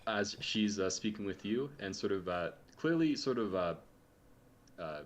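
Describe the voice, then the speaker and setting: Hesitant low-voiced man running a game. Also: expressive, unhurried. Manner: hesitant, many ums and uhs. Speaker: game master. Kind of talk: narrating a tabletop game.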